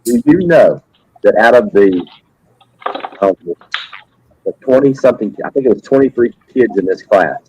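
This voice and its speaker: A man who teaches sixth-grade science, telling animated classroom stories in casual chat with restarts and repeats. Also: medium pitch, moderate pace, pauses often, slight background noise, low-quality recording. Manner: animated anecdotes with frequent repeats. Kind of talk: casual storytelling on a live stream.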